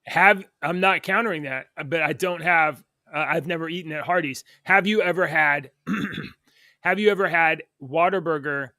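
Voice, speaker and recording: A man with a bright, fairly high voice co-hosts a casual morning talk show. He reads the news aloud in a joking way and laughs easily. The sound is close and dry. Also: normal speed, no echo. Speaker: co-host.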